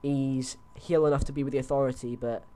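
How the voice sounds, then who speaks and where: Talking through wrestling predictions on a headset, a young male host sounds mellow and mid-range, with a level tone and a slightly fast pace. His chat is loose, full of fillers and restarts.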